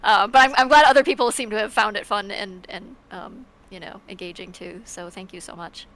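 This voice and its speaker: A woman in a mid-range voice talks casually on a panel about her creative work. She rambles a little and laughs easily. Her tone stays relaxed and open. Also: mid-range voice, fairly quick, rough recording. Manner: chatty, thoughtful, laughs easily. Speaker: creator of the show.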